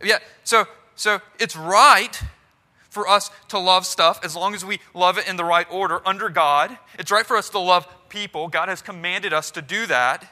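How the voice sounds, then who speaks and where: A man's voice: high-pitched, normal speed, sharp tone. A man preaching a sermon to his church in an earnest, conversational way, often restarting his phrases. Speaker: pastor.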